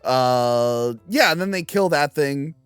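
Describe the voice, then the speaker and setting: A man's voice: mid-range voice, expressive, takes it slowly, a bit bright, clear, resonant tone, no echo, soft background music. A man in casual podcast chat, jokey, laughing easily and swearing casually. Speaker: podcast co-host.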